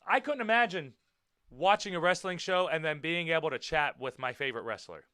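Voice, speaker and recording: An American man hosting a casual wrestling podcast, talking in an animated, blunt way, swearing now and then and repeating himself for emphasis. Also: on the high side, fairly quick, smooth, no room sound, studio quality. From United States. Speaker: podcast host and professional wrestler.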